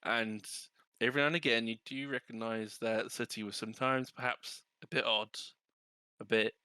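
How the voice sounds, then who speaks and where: A man's voice: medium pitch, fairly even intonation, pushed and bright, clean tone, no room sound, studio quality. A man narrating as dungeon master of a tabletop game, hesitant and full of restarts. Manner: halting, many restarts and fillers.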